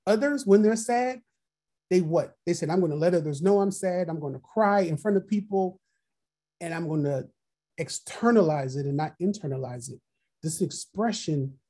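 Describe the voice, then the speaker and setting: With a medium-pitched, mellow, slightly breathy voice, a trainer facilitates an online workshop over video call. Reflective questions get asked and repeated, and participants' chat answers are read aloud.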